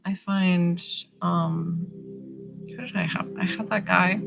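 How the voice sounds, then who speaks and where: A woman with a slightly low voice chats on a live stream as an intuitive healer, bubbly and chatty, greeting viewers by name. Her voice comes through a phone, with music playing clearly behind her. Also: steady tone, slow pace, fairly bright tone, rough recording. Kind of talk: casual live-stream chat. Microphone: phone camera.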